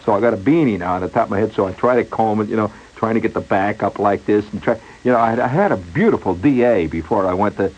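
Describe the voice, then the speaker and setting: A man telling a rambling comic story in an exasperated, animated way, on a dull lo-fi radio recording. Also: fairly low pitch, slightly rough.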